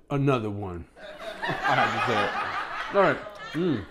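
Speaking at a measured pace and pausing often, this man eats on camera and gives a casual, enthusiastic food review, full of pleased mmm sounds. He turns to his pet in a high, excited voice. There's slight background noise.

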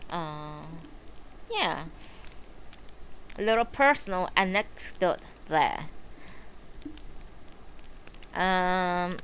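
A woman's voice: sits low, a bit bright, slight background noise. A woman live streamer chatting casually from her bedroom before a book reading, rambling and swearing freely with lots of fillers. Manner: rambling and profane, with many fillers.

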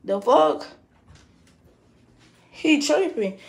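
High-voiced woman ranting on a live stream. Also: expressive, slow, gravelly, long pauses, darkish tone. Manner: heated, profane, repeats herself, laughs between jabs. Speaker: livestreamer. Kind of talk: casual live-stream rant. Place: indoors at home. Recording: echoey room.

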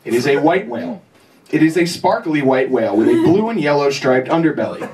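A young man doing stand-up at a bar comedy night, telling a story in an animated way, swearing casually and acting out the scenes. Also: on the high side, a little fast. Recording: distant mic, loud bar noise.

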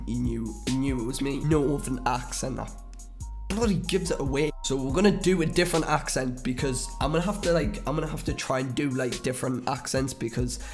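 A young man with a Geordie accent, hosting a rambling, excitable prank-call vlog. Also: medium pitch, a little fast, soft background music. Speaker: YouTuber host. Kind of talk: casual vlog chat.

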